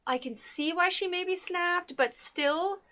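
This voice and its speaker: A woman's voice: very high-pitched, slow, sharp tone. A young woman co-hosting a TV recap, chatting casually and animatedly acting out the characters' lines. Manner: says "y'all". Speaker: co-host of a TV recap show. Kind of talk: casual chat.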